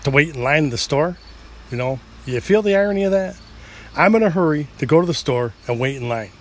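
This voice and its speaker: A man's voice: fairly high pitch, animated, a little fast. A middle-aged man with an upstate New York accent rambles through a solo podcast. He swears freely, cracks jokes at his own expense and sounds a little tipsy. A faint hum of crickets sits behind his voice. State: a bit tipsy. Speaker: podcast host.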